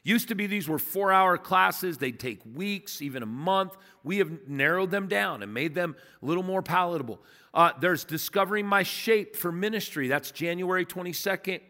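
Male pastor, somewhat high and bright, animated sermon style, long church reverb. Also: normal speed. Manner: animated, emphatic, conversational preaching with storytelling. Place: church sanctuary.

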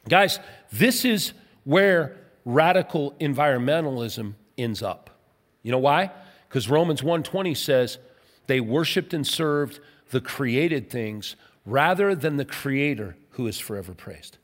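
A man preaching a sermon as pastor, emphatic, asking rhetorical questions and letting his voice drop soft at the ends of phrases. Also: medium pitch, expressive, measured pace. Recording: long hall reverb.

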